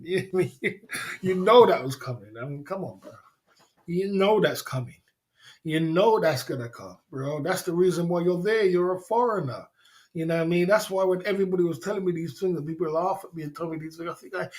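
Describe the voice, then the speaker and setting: Brief: male livestream host, slightly high voice, loose slangy banter broken up by chuckles. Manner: laughing often, drawling slang-heavy chat. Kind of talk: casual livestream chat.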